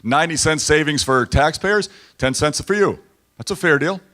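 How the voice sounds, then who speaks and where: A man's voice: a little high, moderate pace. Man giving a punchy dinner speech. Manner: storytelling, animated, repeats lines for emphasis. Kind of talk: campaign-style speech. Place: banquet hall at a dinner event.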